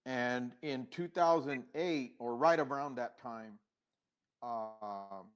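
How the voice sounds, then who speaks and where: A man's voice: medium pitch, clean tone. Reflective middle-aged man telling his story. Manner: unhurried and reflective, with hesitations and restarts; acts out past dialogue. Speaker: podcast guest. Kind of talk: conversational storytelling.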